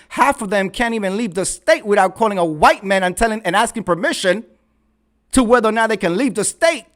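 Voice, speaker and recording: Speaking into a red microphone, this vlog host delivers heated, expletive-filled commentary, hammering home his points by repeating phrases. His voice sits high with a fairly bright tone.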